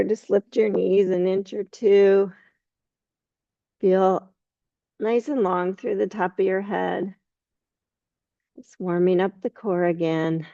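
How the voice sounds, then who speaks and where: A woman guides a yoga class with unhurried, calm cues. Her voice is mellow and slightly gravelly. The sound is dry and a little dull. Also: medium pitch, no room sound. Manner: slow, calm cueing with soft laughs. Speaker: yoga teacher.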